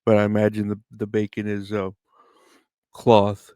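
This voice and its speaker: A man's voice: lowish voice, completely flat delivery, normal speed, mellow, smooth, dry recording, studio quality. A man hosting his podcast in a rambling, laid-back chat, swearing and chuckling as he goes. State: tired, yawning. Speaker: podcast host. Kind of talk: casual comedic chat.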